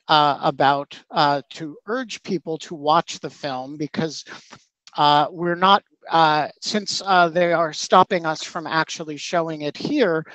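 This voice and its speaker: Host guy, talks real slow and halting, uh after uh, kinda high voice. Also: a bit bright, no echo, poor audio. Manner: halting, many uh fillers. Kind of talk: live outdoor address to webinar. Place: outdoors in a city street.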